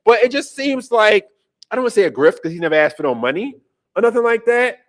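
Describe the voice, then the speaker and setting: A man's voice: high-pitched, sing-song, fast talker. A man hosting a casual political commentary podcast, ranting with profanity and incredulity and laughing as he goes. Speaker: podcast host.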